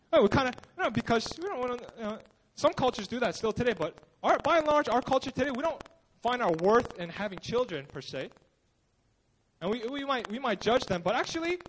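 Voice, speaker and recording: A man's voice: very high voice, sing-song, brisk, a bit bright, a little hiss or hum. A male pastor giving a casual, conversational sermon at a church service, telling the story informally with lots of fillers. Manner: informal storytelling, acts out quotes, many fillers.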